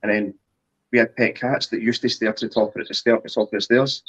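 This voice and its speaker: A man's voice: lowish voice, fairly even intonation, fast, breathy edge, lo-fi sound. A man, a guest, talking in a hesitant, reflective way. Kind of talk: casual chat.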